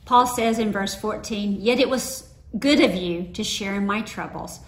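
A woman's voice: medium pitch, measured pace. A woman giving a sermon in a conversational, storytelling way, with personal anecdotes. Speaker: preacher. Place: church sanctuary. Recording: roomy echo.

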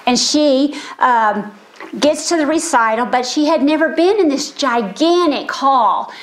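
A woman's voice: sits high, animated, unhurried. Earnest older woman preaching a sermon. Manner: earnest, storytelling. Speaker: speaker.

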